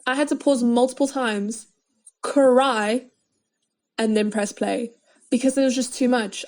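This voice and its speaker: A young woman with a slightly high voice hosts her own podcast alone. She talks casually and dramatically, with self-mocking asides, into a podcast microphone. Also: steady tone, unhurried, a little mellow. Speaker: podcast host. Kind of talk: casual solo podcast chat.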